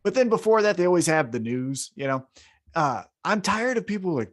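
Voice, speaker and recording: A young adult man co-hosting a podcast in casual chat, animated and acting out quoted voices. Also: high voice, brisk. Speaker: podcast co-host.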